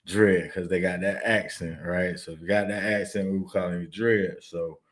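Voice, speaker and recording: Low-voiced Floridian man telling stories. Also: fairly even intonation, normal speed. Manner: loose and conversational, many "right?" tags and "uh" fillers. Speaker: storyteller recalling his childhood. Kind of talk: casual spoken storytelling.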